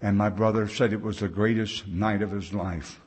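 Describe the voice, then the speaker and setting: Speaking to a big conference audience, a recovery meeting speaker, an older American man, recounts his own road to recovery in a folksy, plain-spoken style, performing the voices of the characters he describes. His voice leans low and a little mellow, with a breathy edge, fairly even intonation and a moderate pace.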